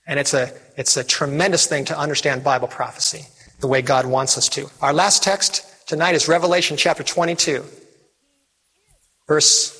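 A man's voice: on the high side, pushed and bright, husky. A man preaching a fervent evangelistic sermon, calling out to his audience for responses. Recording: reverberant hall with faint music.

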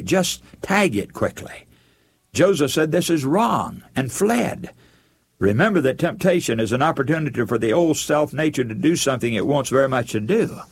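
A man preaching an earnest, measured sermon, building emphasis with rising phrases. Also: mid-range voice, husky.

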